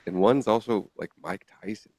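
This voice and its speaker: A man with a deep, gravelly voice chats loosely with his podcast co-host, laughing often. The sound is dry and close to the mic. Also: moderate pace, darkish tone, dry recording. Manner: laughs often, reads articles aloud. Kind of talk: casual banter.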